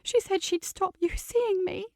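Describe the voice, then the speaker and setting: A woman voicing an upset teenage girl, speaking high and quick in an audiobook. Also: no room sound, clean studio sound. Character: distressed teenage girl, tearful and defiant.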